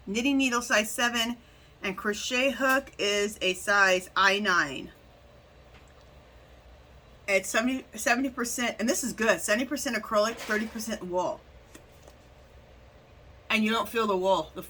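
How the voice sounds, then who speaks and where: Brief: woman vlogger, chatty rambling storyteller, bright husky voice, a bit high. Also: poor audio. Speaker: craft vlogger. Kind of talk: casual haul vlog chat.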